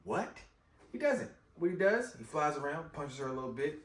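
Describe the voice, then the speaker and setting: A man recapping a movie in casual chat, animated and slangy, often exclaiming. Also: on the high side, normal speed. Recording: roomy echo, distant mic.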